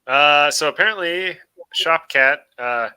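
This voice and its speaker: A man's voice: a little high, a little slow, bright, forceful tone, clear, resonant tone. A man hosting a casual live stream chat, reading viewer comments in a joking, laid-back way. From moved to Montana from elsewhere. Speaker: host.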